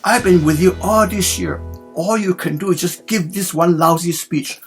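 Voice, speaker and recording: A man's voice: high voice, normal speed, faint music behind, pitched above the performer's own voice. A man voicing a surly, fed-up male chauffeur with a put-on Southern American drawl.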